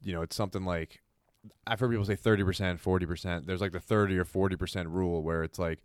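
A man's voice: low-pitched, fairly even intonation, fast, smooth, dry recording, studio quality. A man in casual chat, musing reflectively about motivation with many "like" fillers.

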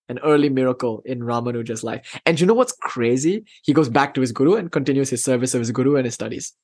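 A man telling a legend in a lecture, casual and slangy, with lively retelling. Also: on the high side. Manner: casual and slangy, with bursts of swearing and laughter. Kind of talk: storytelling lecture.

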